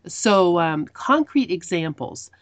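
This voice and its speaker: Woman, lowish voice, earnest, wants real examples, dry sound. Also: lively intonation, slow pace, no echo. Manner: earnest, presses for concrete examples. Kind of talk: casual spiritual discussion.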